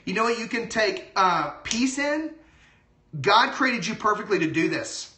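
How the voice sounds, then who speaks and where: A man who is a doctor talking casually and excitedly on a livestream, full of asides. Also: sits high, unhurried, echoey room. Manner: excited, chatty, lots of asides. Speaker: doctor giving health advice.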